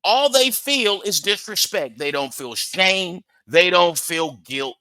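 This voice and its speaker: A man's voice: high-pitched, expressive, slow pace, sharp tone, clear, resonant tone, no echo. A man hosting a reaction channel, giving sarcastic, mocking casual commentary.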